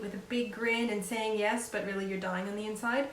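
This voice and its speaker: A woman's voice: medium pitch, fairly even intonation, moderate pace. A woman life coach giving casual, encouraging advice in an earnest, conversational way. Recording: echoey room with faint hiss.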